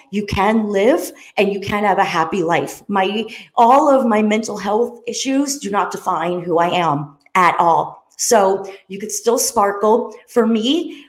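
A woman in her fifties hosting her show, talking in an earnest, rambling way with frequent side notes. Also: medium pitch. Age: 50s. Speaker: show host. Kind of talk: casual monologue. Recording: roomy echo.

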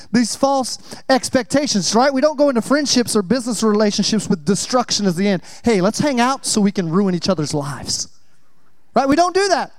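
A man's voice: high voice, smooth, no room sound. A young adult man preaching a sermon, chatty and joking as he tells stories. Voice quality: chatty, joking, animated storyteller. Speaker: pastor.

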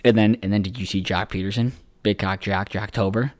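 A man with a deep, low voice talks sports on a casual podcast. He rambles, swears freely and leans on filler words. The sound is dry, with no room echo. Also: fairly even intonation, a little fast. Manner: rambling, profane, lots of "like" fillers. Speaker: podcast co-host.

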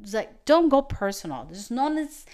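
Her voice sits on the high side, sing-song and darkish in tone, at a moderate pace. Hosting a podcast as a business coach, she shares advice in a chatty, storytelling monologue full of restarts and fillers.

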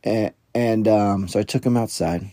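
Low gravelly-voiced man telling a story. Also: moderate pace, mellow, dry recording, studio quality. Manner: rambling, self-deprecating, many fillers and restarts. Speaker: biblical parenting coach. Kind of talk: casual solo podcast storytelling.

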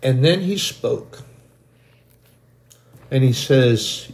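A man giving an emotional, halting sermon testimony as a lay preacher. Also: medium pitch, steady tone, a little mellow, echoey room. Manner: slow, halting, grows emotional and choked.

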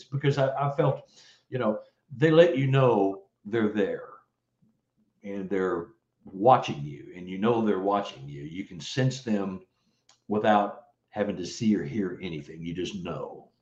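A man from Texas telling a story as an interview guest, animated and full of "you know" fillers. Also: fairly low pitch, a little slow. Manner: animated, acts out quoted voices, many "you know" fillers. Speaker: guest investigator. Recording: roomy, slightly dull audio.

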